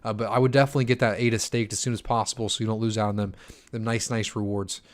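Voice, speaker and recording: A man's voice: on the low side, level tone, very fast. A tired young man in his twenties answers viewer questions on a casual livestream. His talk is loose and chatty, full of fillers and stumbling restarts. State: tired from poor sleep. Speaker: crypto channel host answering chat. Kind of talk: casual live-stream Q&A.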